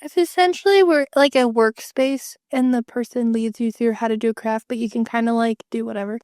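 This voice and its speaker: A woman's voice: fairly high pitch, fairly even intonation, a little fast, darkish tone, clear, resonant tone, no room sound, clean studio sound. A young adult woman co-hosting a podcast in casual chat, blunt and matter-of-fact. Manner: blunt and matter-of-fact, pokes holes in the story. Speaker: podcast co-host.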